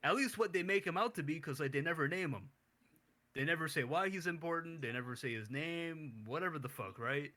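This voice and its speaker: A man hosting a casual comic review podcast, rambling with restarts and excited bursts. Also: a little high, a little fast. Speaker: podcast host.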